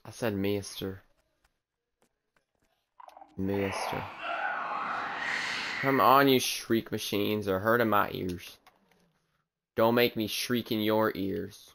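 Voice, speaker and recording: A man's voice: lowish voice, steady tone, slow, vocal fry, a bit bright, slight background noise. A man streaming a video game, chatting casually and teasing the characters on screen in a rambling way. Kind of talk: casual gameplay commentary.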